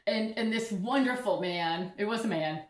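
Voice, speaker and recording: A woman's voice: medium pitch, normal speed. Chatty, giggly woman in an echoey room. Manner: chatty, giggly, self-deprecating. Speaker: orchid vlogger. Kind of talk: casual vlog chat. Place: home room with orchids.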